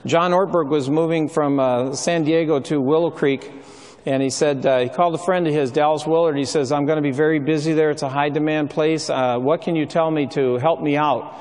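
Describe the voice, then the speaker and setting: Speaking a bit quickly, a middle-aged preacher relaxes into storytelling, his sermon dotted with uhs and ums. His pitch runs a little above most men's, and every phrase echoes with a long tail of reverb, like the sound of a large hall.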